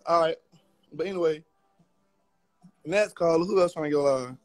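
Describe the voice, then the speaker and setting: A man's voice: a little high, normal speed, no room sound, faint music behind. A man hosting a live stream, trading profane roast insults with callers in a brash, trash-talking way. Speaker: livestream host.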